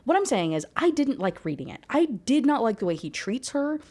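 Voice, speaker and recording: A woman's voice: on the high side, very animated, brisk, a little mellow. A woman giving a candid, exasperated rant review of a book, peppering her talk with "like" as she vents. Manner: exasperated, candid, heavy use of 'like'.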